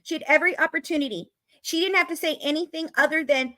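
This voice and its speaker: Woman true-crime commentator, high voice, emphatic, angry, swears, repeats herself for effect. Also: quick pace, sharp tone. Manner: emphatic, repetitive, swears when worked up. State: openly angry. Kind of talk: casual true-crime rant to viewers.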